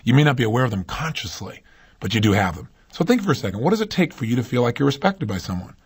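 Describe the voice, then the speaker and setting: This man's motivational talk moves at a brisk clip in a husky, rough, mid-range voice with a sing-song lilt. He leans on emphasis and repeatedly turns to the listener with rhetorical questions.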